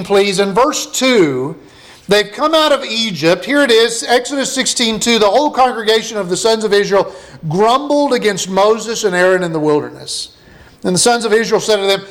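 High-voiced man preaching a sermon. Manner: conversational, reads scripture aloud. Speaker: pastor. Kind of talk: sermon with scripture reading.

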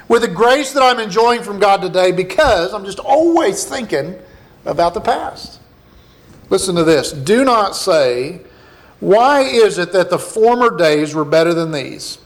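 A man with a high voice preaches in a relaxed, conversational way. He stops to read scripture passages aloud, then talks them through with his listeners. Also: normal speed. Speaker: pastor. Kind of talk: sermon with scripture reading.

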